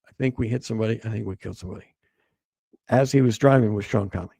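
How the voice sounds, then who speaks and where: A man recounting events as a guest, halting and repeating words as he quotes what others told him. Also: medium pitch, creaky, warm tone, dry recording. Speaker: guest author. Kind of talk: storytelling interview.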